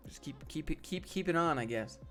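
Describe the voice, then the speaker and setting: A man's voice: on the high side, lively intonation, fairly quick, a bit bright, faint music behind. A man hosting a live stream, chatting casually with viewers and joking around. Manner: casual, joking, talks to chat by name. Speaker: host.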